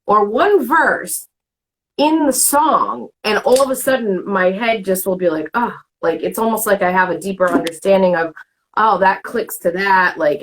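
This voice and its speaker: A woman's voice: mid-range voice, a little hiss or hum, rough recording. A woman hosting a casual chat, talking candidly in a rambling way and acting out what people said. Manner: candid, rambling, acts out quoted remarks. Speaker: host.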